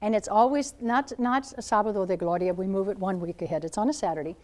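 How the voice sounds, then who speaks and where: A woman in her seventies, a Catholic nun speaking to high school students as a guest speaker, telling stories in an animated way and acting out what people said. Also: fast. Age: 70s. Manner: animated storyteller, acts out quoted voices. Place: school gathering room.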